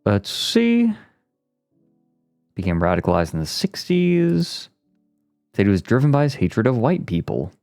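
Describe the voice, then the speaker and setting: A male streamer chatting casually, joking, reacting out loud and reading aloud from a web page. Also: lowish voice, huge pitch swings, a little slow, pauses often, faint music behind. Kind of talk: casual livestream chat. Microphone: streaming mic.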